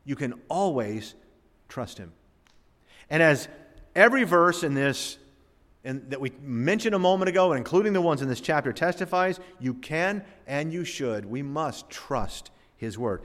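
A man's voice: medium pitch, animated, normal speed, fairly bright tone. A man from Florida preaching a sermon in a church, telling a personal story in a folksy, conversational way and speaking directly to the congregation. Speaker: pastor. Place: church sanctuary. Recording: long reverb of a church hall.

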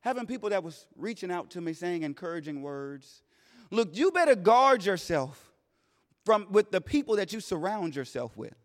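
A man preaching a sermon in a plain-spoken way, swinging between loud declarations and hushed asides. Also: high voice, very animated, normal speed. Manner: plain-spoken, vernacular phrasing. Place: church sanctuary. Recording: long reverb of a large hall.

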